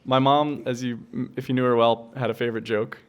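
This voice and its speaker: A man joking as he speaks at his mother's memorial, playful and halting, with fillers. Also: mid-range voice, fairly even intonation, smooth, lo-fi sound. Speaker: son of the deceased, eulogy speaker.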